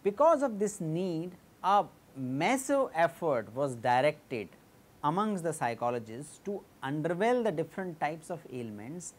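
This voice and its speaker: A woman with a low voice and an Indian English accent delivers an academic lecture. She explains ideas step by step in a measured way. She often pauses on fillers and restarts her sentences. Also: a little mellow.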